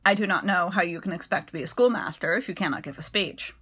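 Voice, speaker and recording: A woman voicing a rough-voiced former servant man who speaks in a dry, measured way with quiet bitterness. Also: high-pitched, exaggerated voice. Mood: dry, steady.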